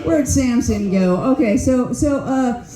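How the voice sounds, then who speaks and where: A woman's voice: a little high, measured pace, crowd noise. An older woman doing a stand-up comedy set, telling blunt, profane stories on a club stage. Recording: roomy club echo.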